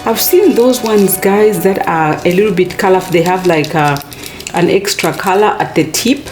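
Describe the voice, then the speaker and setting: A woman with an American accent filming a casual unboxing vlog, gushing with excitement, calling her viewers "guys" and dropping to soft near-whispers as she handles the box. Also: medium pitch, normal speed, roomy sound, music in the background. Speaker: unboxing vlogger.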